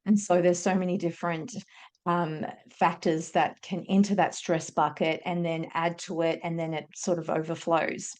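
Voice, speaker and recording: A woman's voice: lowish voice, level tone, normal speed, darkish tone. A woman hosting an interview podcast, reflecting back on the guest's words and thinking aloud. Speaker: podcast host. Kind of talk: conversational interview.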